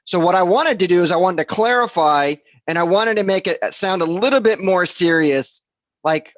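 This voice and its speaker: Male sales trainer, slightly higher voice, casual and repetitive, dry close sound. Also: expressive, moderate pace, dry recording, dull audio. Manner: conversational, repeats himself, checks in with "okay?" and "right?". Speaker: real estate sales trainer. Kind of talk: casual instructional talk.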